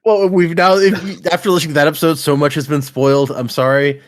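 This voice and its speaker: A man's voice: a little high, level tone, fast. A man hosting a casual book podcast, friendly and laughing a lot. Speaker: podcast host. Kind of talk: casual book-club chat.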